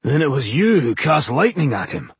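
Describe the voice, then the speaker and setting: A man voicing a gruff, battle-hungry male dwarf warrior with a growling, cranky manner. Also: on the low side, animated, normal speed, a bit bright, no echo, exaggerated voice. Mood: eager.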